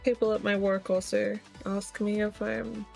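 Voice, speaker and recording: Woman from Australia, game streamer, mid-pitched voice, casual hesitant chat, music behind. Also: level tone, normal speed, a little mellow, low-quality recording. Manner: chatty, a little hesitant. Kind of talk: casual chat while gaming. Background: clear music.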